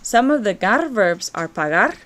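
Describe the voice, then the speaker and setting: A woman Spanish teacher, encouraging and slow and clear as she walks through verb conjugations in a recorded lesson. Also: medium pitch, big pitch swings, a bit bright.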